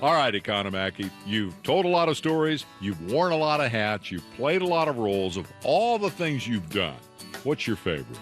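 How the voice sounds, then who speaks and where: A man's voice: medium pitch, big pitch swings, moderate pace, a bit bright, soft background music. A man jovially prompting a guest for a story.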